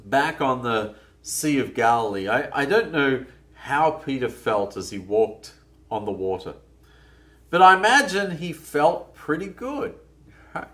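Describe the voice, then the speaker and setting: A man's voice: medium pitch, big pitch swings, unhurried, fairly bright tone. A man preaching a sermon in a conversational, musing way, often restarting his phrases. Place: church.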